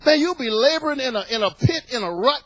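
A middle-aged pastor with a strikingly high voice preaches with rising fervor, repeating phrases and breaking into shouts. The sound is close and dry, with no room around it. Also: male voice, animated, fast talker, no room sound, poor audio. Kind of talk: sermon.

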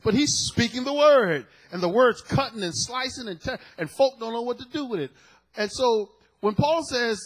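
Husky preacher man with wild dynamics. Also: expressive, moderate pace, poor audio. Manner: swings from soft low asides to loud shouted peaks. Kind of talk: sermon.

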